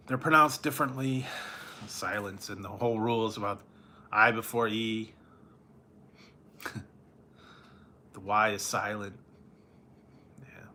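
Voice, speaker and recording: Man, slow rambling talk, bright forward tone, tired, chuckles often, faint room hum behind. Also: fairly low pitch. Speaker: food reviewer chatting with live viewers. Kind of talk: casual late-night livestream chat.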